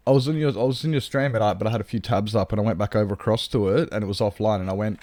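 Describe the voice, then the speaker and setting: A man streaming a game and chatting casually with his viewers, rambling and swearing freely. His voice sits on the low side. He is close to a desk microphone with a dry, dead sound. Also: very fast, hardly any pauses, a little mellow, no room sound. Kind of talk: casual live-stream chat.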